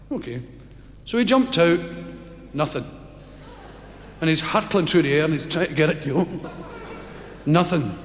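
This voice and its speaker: Scottish stand-up, lively pitch swings, animated storyteller; roomy hall with long reverb. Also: male voice, normal speed, pauses often, a little hiss or hum. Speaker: stand-up comedian. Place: concert hall stage.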